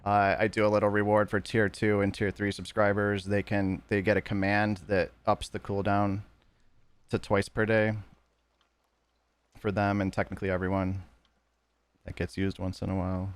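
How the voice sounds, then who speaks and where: A man with a fairly low voice talks to viewers during a live game stream. His chat is casual and loose, wandering from point to point and stopping to fix his own words. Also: completely flat delivery, normal speed, clear, resonant tone, no room sound. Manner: rambling, loose and self-correcting.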